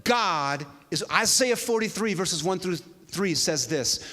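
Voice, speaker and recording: A man preaches in a large church hall, his voice high and bright. He tells a story with an animated delivery, dropping low and soft, then rising loud. Long reverb trails after each phrase. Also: a little slow, few pauses. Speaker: pastor. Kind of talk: sermon.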